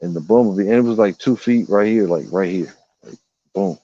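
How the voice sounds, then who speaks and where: Casual male vlogger, low mellow voice, swearing through animated woodland stories, dry lo-fi sound. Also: a little fast, husky, no room sound. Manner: rambling, profane, animated storytelling, voices animals. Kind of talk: casual storytelling vlog. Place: outdoors in woods.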